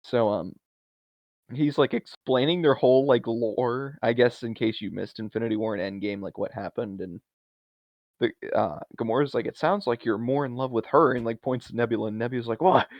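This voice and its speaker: A man co-hosting a podcast, casually recapping a movie scene by scene with quick asides. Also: medium pitch, no echo. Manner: animated retelling, laughs often, quick asides. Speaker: podcast co-host. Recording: dry, dull lo-fi sound.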